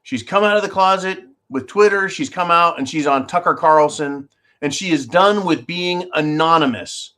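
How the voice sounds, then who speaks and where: Male host, fairly high voice, sarcastic and combative commentary addressed to his audience. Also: normal speed, sharp tone. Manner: sarcastic, combative, talks straight to viewers. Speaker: show host. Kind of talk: opinionated commentary.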